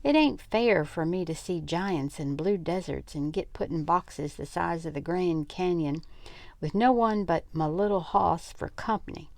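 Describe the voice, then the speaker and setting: A woman voicing a tiny, bitter, drunken cowboy who shouts in a rough Texas drawl, from a storybook read-aloud. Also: lowish voice, measured pace, no room sound. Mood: self-pitying. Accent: Texas (as put on).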